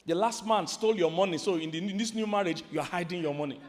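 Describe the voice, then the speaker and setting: High-voiced Nigerian preacher in a reverberant hall. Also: male voice, quick pace. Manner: swings from shouting emphasis to quiet asides, asks the crowd questions. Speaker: marriage preacher. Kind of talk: sermon to a live audience. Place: large hall with an audience. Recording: hall reverb from a large venue.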